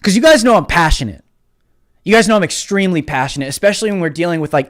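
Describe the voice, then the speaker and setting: A man hosting a live stream, ranting about politics with heated passion, often shouting and taunting his viewers. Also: fairly high pitch, smooth. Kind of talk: political commentary rant.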